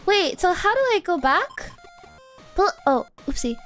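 Very high-voiced giggly woman streamer. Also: very animated, a little slow, a bit bright, faint music behind. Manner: giggly, flustered reactions. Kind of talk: casual game-stream commentary.

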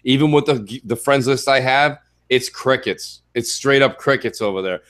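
A man's voice: mid-range voice, moderate pace, fairly bright tone. A man hosting a casual gaming podcast, talking in an upbeat, rambling way. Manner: upbeat, rambling, hypes the community.

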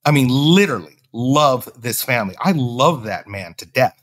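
A man telling a story in a loose, chatty way. His pitch swings widely as he acts out what each person said, often jumping up high. It sounds like a relaxed podcast conversation. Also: normal speed. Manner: animated, acts out quoted dialogue. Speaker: podcast guest. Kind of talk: casual storytelling.

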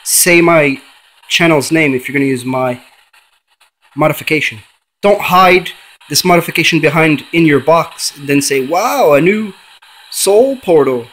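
A man's voice: fairly high pitch, fairly even intonation, normal speed, fairly bright tone, rough recording. Insistent man calling out to spirits. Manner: calls out repeatedly to spirits, then lectures insistently. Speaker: paranormal channel host. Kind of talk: ghost-hunting demonstration vlog.

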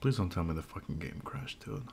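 A man's voice: low voice, lively intonation, fairly quick, creaky, darkish tone, a little hiss or hum. A young man giving loose, profane let's-play commentary at home while eating, close on a desk microphone. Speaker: streamer.

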